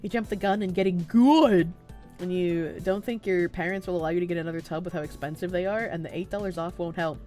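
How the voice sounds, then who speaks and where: A young woman streamer with a stuffy nose, chatting casually and softly with her chat, giggling and swearing freely. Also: on the low side, a little fast, faint music behind. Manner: soft-spoken, not loud, giggly, swears casually. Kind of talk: casual live-stream chat, reading chat messages aloud.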